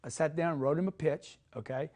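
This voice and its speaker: Middle-aged guy coaching cold calls, pretty high voice for a man, emphatic, keeps tossing in "okay?". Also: a little fast, darkish tone, slight background noise. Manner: emphatic, punctuates points with "okay?". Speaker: sales trainer. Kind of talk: motivational sales lesson.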